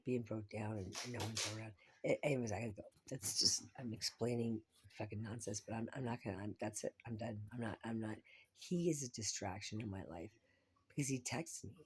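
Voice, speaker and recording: Husky woman rambling in a vlog. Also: extremely low pitch, a little mellow. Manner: rambling, profane, drops to whispers often. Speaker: vlogger.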